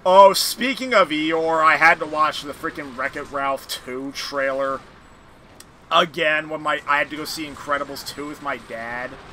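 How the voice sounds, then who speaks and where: A man hosting a casual gaming podcast, talking through an animated, rambling rant with some swearing. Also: on the high side, measured pace, slight background noise. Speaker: podcast host playing a video game.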